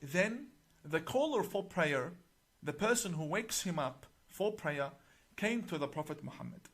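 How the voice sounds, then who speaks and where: Deliberate, emphatic male imam. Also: on the high side, lively intonation, fairly bright tone. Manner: deliberate, emphatic, slowing on key words; recites passages in Arabic. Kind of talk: explaining a book to camera.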